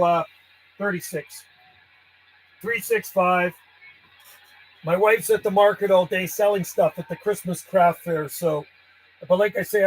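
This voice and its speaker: A man's voice: sits high, pushed and bright, poor audio. A man working a CB radio, calling out call signs in a friendly, easygoing way. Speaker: CB radio operator.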